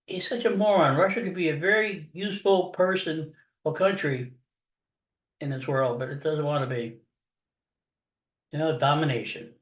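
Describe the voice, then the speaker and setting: A man's voice: on the high side, a bit bright. An older American man giving a blunt, sarcastic, rambling political rant in a casual monologue. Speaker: political commentator.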